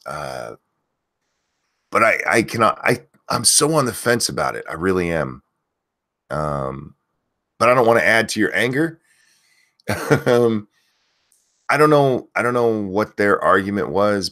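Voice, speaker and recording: A man hosting a live stream in a relaxed, chatty way. His voice sits fairly low, but it swings widely as he calls out names loudly and then drops back into blunt, easygoing talk with a bit of swearing. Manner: frank and blunt, with mild swearing. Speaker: host of a live stream show. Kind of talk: casual live-stream chat.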